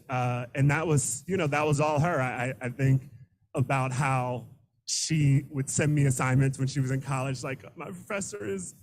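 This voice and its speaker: A middle-aged man, a teacher, giving an unscripted, emotional acceptance speech into a handheld microphone, halting and repeating words. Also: mid-range voice, low-quality recording. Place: room full of students and colleagues.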